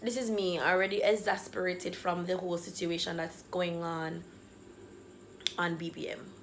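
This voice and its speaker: A woman's voice: lowish voice, little pitch movement, normal speed, noisy background. A woman, vlogging a personal story with dramatic swings and acted-out dialogue. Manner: acts out quoted dialogue. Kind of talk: storytime vlog.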